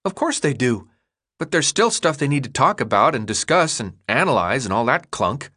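A blunt, impatient young boy who brushes off every question, his raised boyish pitch swinging up and down. A man voices him in an audiobook reading. He sounds quick and dismissive. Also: huge pitch swings, bright, forceful tone, heavily acted. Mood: sarcastic. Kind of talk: audiobook character voice.

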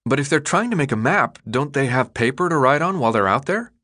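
A restless teenage boy with no memory, pressing earnest question after question. A man reads him in an audiobook. His voice sits a little high and moves around a lot. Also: animated, fast talker, sharp tone. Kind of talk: audiobook character voice.

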